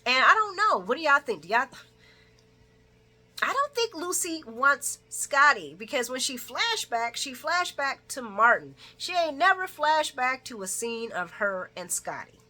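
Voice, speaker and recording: A woman chatting casually through a recap, laughing often and acting out lines in a higher voice. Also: very animated, unhurried, sharp tone. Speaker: soap opera recap vlogger.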